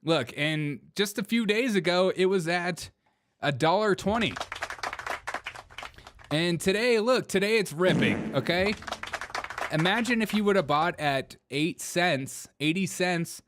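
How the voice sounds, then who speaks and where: Giggly, animated male livestream host. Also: high-pitched, measured pace, background noise. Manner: giggly, animated, laughs through his words. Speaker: show host. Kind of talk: livestream commentary.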